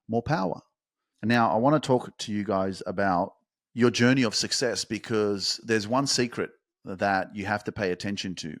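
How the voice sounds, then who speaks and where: A man hosting a motivational podcast, talking fervently and emphatically, swearing for emphasis and building to fast, intense peaks. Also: fairly low pitch, dry recording, clean studio sound. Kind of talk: motivational monologue.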